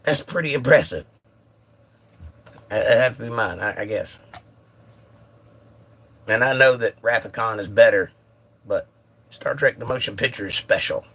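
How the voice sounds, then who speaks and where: A man's voice: medium pitch, moderate pace, long pauses, bright, forceful tone. A man hosting a casual phone livestream, chatting and reading viewer comments aloud with a joking manner. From United States. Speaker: livestream host.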